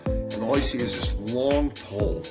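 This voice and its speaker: A man's voice: mid-range voice, normal speed, over loud music. A man who founded a company, telling a long story as a podcast guest and acting out the people he quotes. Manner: animated storyteller, acts out quoted dialogue.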